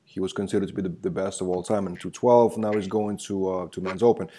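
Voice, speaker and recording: A man hosting a casual interview, giving short affirmations and asking relaxed questions. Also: low voice, quick pace, slight background noise.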